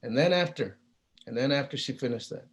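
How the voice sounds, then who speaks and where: A man's voice: medium pitch, expressive, brisk. Humble storytelling man at a keynote. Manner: hesitant, with many fillers and restarts. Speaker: keynote speaker.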